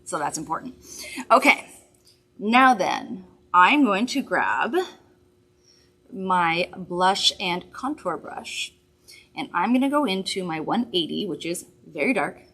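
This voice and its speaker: A woman's voice: mid-range voice, a bit bright, breathy edge. Upbeat woman doing a live makeup demo, talks you through every step, keeps saying don't worry. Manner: chatty, upbeat and reassuring. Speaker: makeup host. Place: studio.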